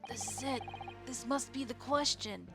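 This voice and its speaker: A woman's voice: a little high, moderate pace, vocal fry, pitched above the performer's own voice. A woman reading as a nervous young defendant. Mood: anxious. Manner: anxious, earnest inner monologue. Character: nervous young male defendant narrating his trial. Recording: game music playing behind.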